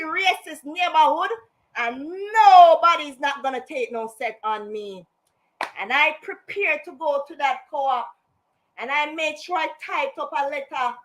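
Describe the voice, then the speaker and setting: A woman's voice: sits high, a bit bright. A woman, telling her own story on a casual live stream, indignant and emphatic, slipping into patois. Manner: slips into patois.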